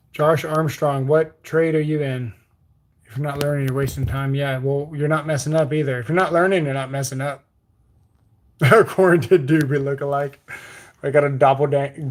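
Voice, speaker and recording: A relaxed man whose Bermudian accent has a Texas country twang running through it. His voice sits a touch high for a man. He reads viewer comments aloud in easygoing livestream chat and answers them with offhand jokes. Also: moderate pace, pauses often. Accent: Bermudian mixed with Texas country. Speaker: livestream host.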